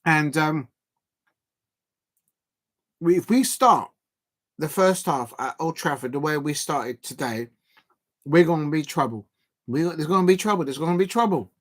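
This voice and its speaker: Exasperated football fan ranting. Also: male voice, a little high, a little slow, pauses often. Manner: animated, exasperated ranting with frequent restarts. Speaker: football fan live-stream host. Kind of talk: casual watch-along commentary.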